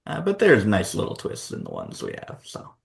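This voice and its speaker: A man's voice: lowish voice, wildly swooping pitch, normal speed, creaky. A man co-hosting a board game channel, chatting casually about award nominees and thinking aloud with fillers.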